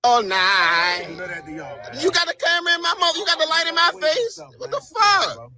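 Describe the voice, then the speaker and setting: Man, very high bright voice, slow drawl, taunting mockery, phone recording outdoors. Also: sing-song, faint music behind, rough recording. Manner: taunting, mocking, repetitive. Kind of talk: filming a street video. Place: outdoors on a city street.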